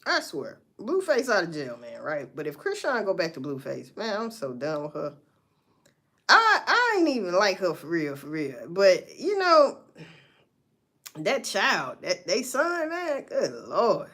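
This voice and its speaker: A woman's voice: medium pitch, huge pitch swings, a little slow, pushed and bright. A woman hosting a casual livestream, giving blunt, profane commentary and talking straight to her viewers. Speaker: livestream host.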